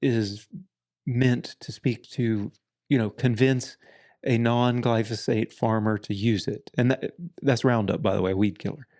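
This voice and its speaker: A man co-hosting a podcast, explaining things in a measured, casual way. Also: mid-range voice, steady tone, a little mellow. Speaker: podcast co-host. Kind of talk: casual conversation.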